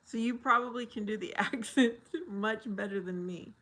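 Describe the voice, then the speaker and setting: A woman hosting a casual livestream, reading viewer comments aloud slowly and laughing often. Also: medium pitch, fairly bright tone. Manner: slow, drawn-out reading with frequent laughter. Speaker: livestream host.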